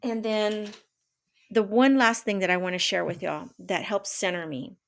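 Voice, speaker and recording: A woman's voice: mid-range voice, fairly even intonation, normal speed, vocal fry, fairly bright tone. A woman in her fifties talking casually to camera from her home office, rambling with many fillers and restarts. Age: 50s. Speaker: vlogger and life coach.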